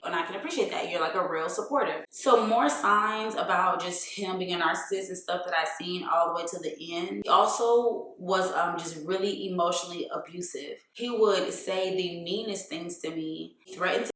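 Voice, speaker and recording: A woman's voice: on the low side, normal speed, hardly any pauses, a bit bright, a little hiss or hum. A woman telling a personal story in a candid vlog, frank and profane, with lots of "like" fillers. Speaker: vlogger. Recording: very echoey room.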